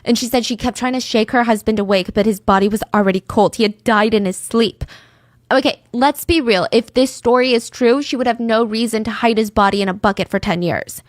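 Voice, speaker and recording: A woman's voice: a little high, a little fast, no room sound, clean studio sound. A woman hosting a podcast, telling a true-crime story in a casual, chatty way and dropping into whispers for suspense. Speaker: podcast host.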